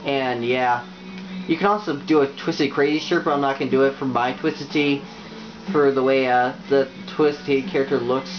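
A man's voice: medium pitch, fairly even intonation, music in the background. Rambling young man with lo-fi audio. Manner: rambling, halting, many fillers and restarts. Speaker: YouTuber. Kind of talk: casual game tutorial.

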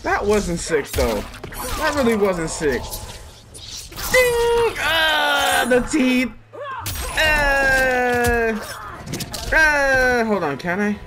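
A man giving casual, excitable commentary on his own gameplay, swearing, laughing and yelping at the action. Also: extremely high pitch, extremely slow, heavy background noise. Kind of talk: casual let's-play commentary. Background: game music and sound effects.

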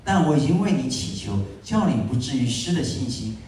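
Brief: male interpreter at a church service, mellow voice, distant mic, ringing hall echo. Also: mid-range voice, expressive, fairly quick, a little hiss or hum. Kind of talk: sermon interpretation. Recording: echoey church hall, picked up from afar.

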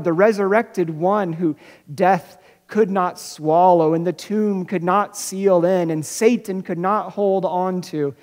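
A pastor preaches an Easter sermon in a church sanctuary, and the voice hangs in a long, ringing hall reverb. The delivery is searching and unpolished, with phrases restarted and words doubled before key lines are slowed for weight. The pitch sits in an ordinary middle range. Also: darkish tone. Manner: searching, repeats words and restarts, slows for emphasis.

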